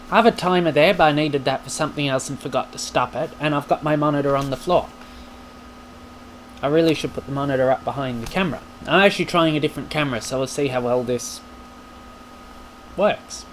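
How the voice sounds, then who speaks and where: A man's voice: on the high side, slight background noise. A man hosting a casual question-and-answer vlog, rambling and self-deprecating with plenty of jokes. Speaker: YouTube channel host. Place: home recording space.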